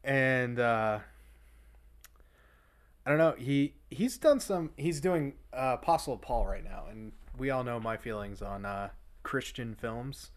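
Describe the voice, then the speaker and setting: A man's voice: medium pitch, slow pace. Rambling man with lots of fillers. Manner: rambling, many fillers and restarts. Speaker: podcast host. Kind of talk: casual chat.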